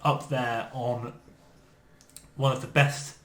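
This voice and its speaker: A man co-hosting a podcast in casual chat, animated and often searching for his words. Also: mid-range voice, slow pace. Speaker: podcast co-host. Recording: echoey room.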